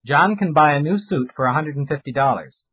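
Man reading example sentences slowly. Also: on the high side, expressive, a bit bright, slightly rough, no room sound, muffled recording. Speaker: language course speaker. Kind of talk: recorded pronunciation drill.

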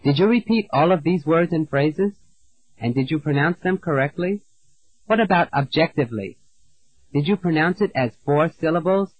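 A man teaching an English lesson, reading out words and example sentences slowly and clearly, pausing for the learner to repeat. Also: on the high side, animated. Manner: slow, clear, deliberate drilling with pauses. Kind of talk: scripted language lesson narration. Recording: dull dry lo-fi audio.

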